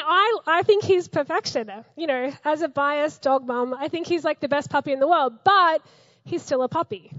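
A woman pastor preaching a sermon in an animated, conversational way, laughing often. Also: sits high, no room sound, highs cut off.

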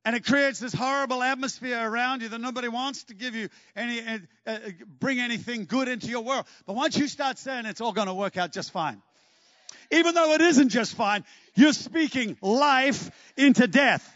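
A man preaching a sermon in an animated, joking way, breaking into shouts. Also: very high voice, normal speed, no room sound, lo-fi sound. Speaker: pastor.

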